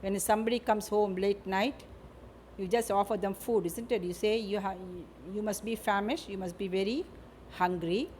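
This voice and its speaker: A woman teaches vocabulary at an unhurried pace, saying each word and its example twice. She often closes a point with a tag question. Faint noise sits under her voice. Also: medium pitch, steady tone, a little mellow. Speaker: English teacher. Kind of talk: vocabulary lesson.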